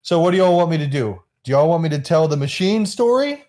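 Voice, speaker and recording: A young man co-hosting a casual podcast, eager and loud, with many fillers. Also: on the high side, lively intonation, a little fast. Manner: enthusiastic, loud, filler-heavy. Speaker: podcast co-host. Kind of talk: casual chat.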